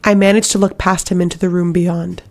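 A terrified young servant girl stumbles through her words, her voice catching and breaking, as a woman narrator puts her on. The tone carries a gravelly roughness. It sits in an audiobook reading. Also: fairly low pitch, level tone, close to an everyday voice. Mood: shaken. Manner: halting, shaken, breaking into sobs. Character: young frightened servant girl, fiery temper.

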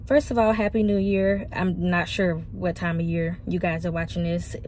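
A woman's voice: lowish voice, level tone, moderate pace, a little mellow, slight background noise. A woman in her twenties vlogging frankly from her parked car, speaking openly and getting emotional. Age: 20s. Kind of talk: candid personal vlog.

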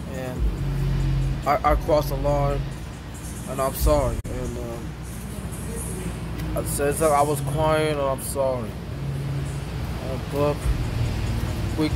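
A man vlogging a casual, rambling apology to camera, halting and repeating himself. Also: on the high side. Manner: repetitive, halting, with restarts.

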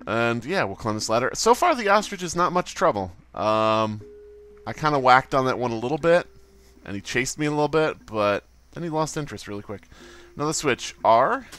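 A man's voice: medium pitch, lively intonation, a little fast, fairly bright tone. A man casually commenting on his own gameplay, goofy and swearing, with silly sound effects. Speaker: let's play host.

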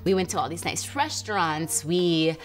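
A woman's voice: fairly low pitch, normal speed, faint music behind. A woman hosting her own show, chatting casually to the camera in a bubbly way and laughing often. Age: adult with a teen daughter and a baby. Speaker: host.

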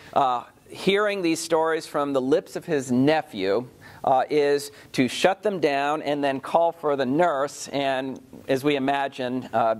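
A male pastor delivers a lecture on old stories. He speaks in a measured way, often pausing on filler sounds. His voice sits a little high for a man. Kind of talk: lecture on literature.

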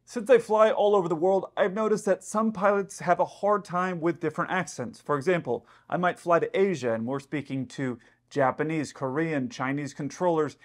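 Chatty pilot explaining an incident. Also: male voice, fairly high pitch. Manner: chatty, explanatory, speculating aloud. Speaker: airline pilot commentator. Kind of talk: casual commentary.

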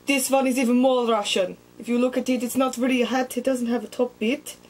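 A woman's voice: a little high, steady tone, brisk, darkish tone, low-quality recording. A young woman with a cheeky, self-mocking and sweary manner, chatting casually in a comedic vlog. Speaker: vlogger.

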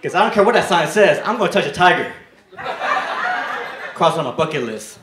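A young man performs a stand-up comedy set on a club stage and tells his stories deadpan. His voice sits a little high for a man. The handheld mic catches a roomy echo and loud crowd noise behind him. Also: brisk. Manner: deadpan storytelling with brief shouted character bits.

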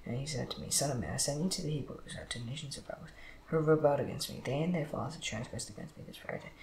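A man's voice: medium pitch, racing. Man reading scripture in an echoey room. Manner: steady reading with slips and restarts. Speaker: Bible reader. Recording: echoey room with background noise.

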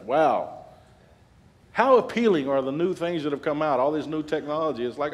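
Animated, humorous preacher in his forties. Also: on the high side, a little fast. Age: 40s. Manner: animated and humorous, building loud peaks. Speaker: guest preacher. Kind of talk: sermon.

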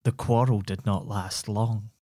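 A man narrating a bedtime story for adults in a soothing, measured manner. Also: on the low side, fairly even intonation, warm tone, no room sound.

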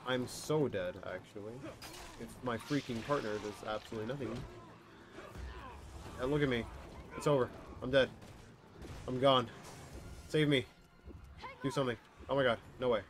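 A man's voice: mid-range voice, lively intonation, moderate pace, pauses often, slight background noise. A young man streaming a co-op game live, reacting in exasperation to his partner and reading his chat. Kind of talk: live gameplay commentary.

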